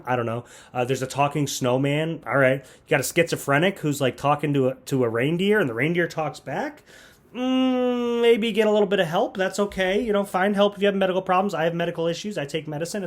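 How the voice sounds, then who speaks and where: Grumpy sarcastic man reviewing movies. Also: fairly high pitch. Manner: sarcastic, grumpy, rambling asides. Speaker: youth ministry comedy reviewer. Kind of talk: comedic movie review monologue.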